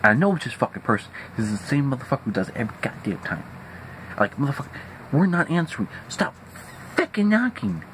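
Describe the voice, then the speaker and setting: A man's voice: mid-range voice, fast talker, slight background noise, rough recording. A young man venting angrily in a profane vlog rant, recorded at home. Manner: angry, profane, animated. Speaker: vlogger. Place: at home indoors.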